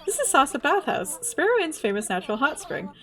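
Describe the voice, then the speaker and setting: A woman's voice: sits high, big pitch swings, a little fast, fairly bright tone, exaggerated voice. A woman reading aloud the lines of a worried hot spring bathhouse keeper from a video game. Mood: apologetic.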